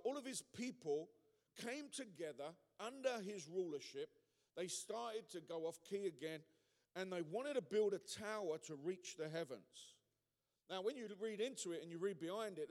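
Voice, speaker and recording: A man preaching a sermon to a congregation, emphatic and conversational, building to loud punchy peaks and throwing asides to the room. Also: sits high. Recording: long reverb of a large hall.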